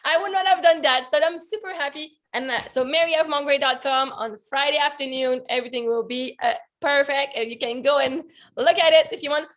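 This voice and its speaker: High-voiced bubbly woman, husky today. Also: steady tone, a little fast, hardly any pauses, fairly bright tone. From Quebec, Canada. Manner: bubbly, laughs often, chatty. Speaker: life coach. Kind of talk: casual interview chat.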